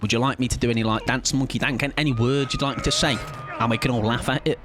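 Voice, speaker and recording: A man's voice: mid-range voice, fairly even intonation, fast talker, a bit bright, slight background noise. A British man streaming a game live, rambling and joking with his viewers in casual chat. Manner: rambling, jokey, chats with viewers.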